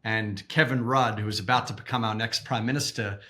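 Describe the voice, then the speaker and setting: An Australian man in his forties with a low voice and a bright, forceful edge. He tells stories in an animated way, doubling back on words as he restarts. He speaks as an interview guest. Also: brisk. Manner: animated storyteller, repeats words when restarting. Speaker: guest, activist organization co-founder. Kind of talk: interview storytelling.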